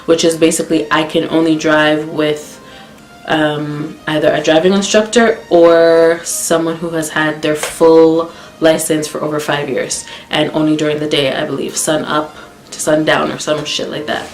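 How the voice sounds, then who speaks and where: A young woman from Canada with a low voice tells a story in a blunt, profane, animated way. She speaks in an echoey room, with faint music playing underneath. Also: moderate pace. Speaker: vlogger. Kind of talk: casual storytime.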